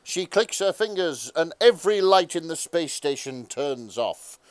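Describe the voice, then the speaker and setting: A man narrating a comic fan fiction reading as host, mostly deadpan with bursts of laughter. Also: fairly high pitch, a little slow, no room sound.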